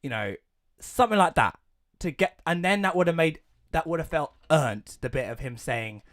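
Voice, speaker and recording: A man's voice: mid-range voice, a bit bright. Ranting young English man. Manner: ranting, swears, acts out quoted lines. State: coughing, something stuck in throat. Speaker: podcast co-host. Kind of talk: casual podcast chat.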